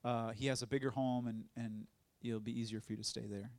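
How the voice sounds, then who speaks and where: A man who is an evangelist, telling his testimony as a sermon in an animated storytelling way, acting out other people's voices and laughing often. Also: medium pitch, brisk, no echo.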